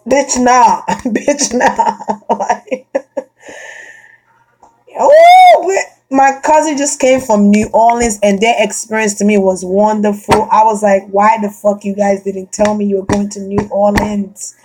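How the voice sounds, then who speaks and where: Woman, casual chat, husky voice, blunt, swears a lot, laughs often. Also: medium pitch, darkish tone. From Florida. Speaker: vlogger chatting to a friend.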